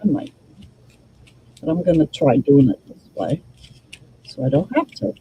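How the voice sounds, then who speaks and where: Slow, mellow-voiced woman crafting and chatting. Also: low-pitched, lively intonation, dull audio, a little hiss or hum. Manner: thinks aloud while working, chatty asides. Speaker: crafting channel host. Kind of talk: casual crafting demo, talking to viewers.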